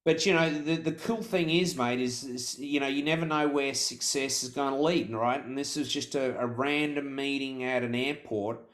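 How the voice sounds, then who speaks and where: A man's voice: mid-range voice, moderate pace, few pauses, a bit bright. A middle-aged man, a podcast guest telling a story in conversation, full of restarts and repeated words.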